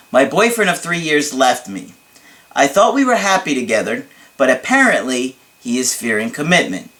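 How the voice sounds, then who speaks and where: Guy coach reading a fan letter out loud, kinda high voice, cracks dumb jokes then gets serious. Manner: joking and self-mocking, laughing at his own asides; earnest and explanatory when giving advice. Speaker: relationship coach. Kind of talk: casual video talk reading and answering a viewer's letter.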